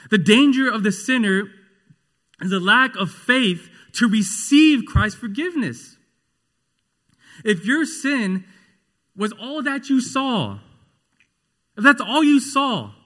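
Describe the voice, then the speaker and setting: A man preaching a sermon in a slow, earnest and emphatic way. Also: high voice, bright, forceful tone.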